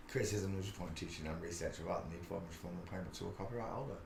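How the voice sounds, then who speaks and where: A man's voice: low-pitched, brisk, creaky, darkish tone, reverberant, a little hiss or hum. A man hosting a casual live stream, chatting in a rambling way with many filler sounds. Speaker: livestream host.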